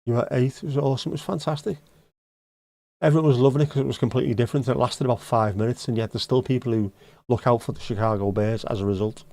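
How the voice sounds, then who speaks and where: A middle-aged man hosts a relaxed live stream. He reads viewers' comments aloud and teases them in a joking, conversational way. His voice sits at a middling pitch and is recorded close up with a dry, deadened sound. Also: rapid-fire, no echo. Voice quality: joking, teasing banter. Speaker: livestream host. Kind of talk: casual chat reading out viewer comments.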